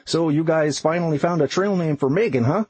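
A man voicing a practical retired older man with a Minnesota accent who speaks slowly and enunciates carefully. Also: a little high, darkish tone, breathy edge, no echo, pitched above the performer's own voice. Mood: chatty.

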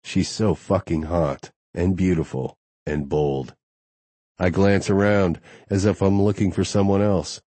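Deep-voiced male romance narrator. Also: fairly even intonation, a little slow, mellow, no echo. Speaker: audiobook narrator. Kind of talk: first-person romance narration.

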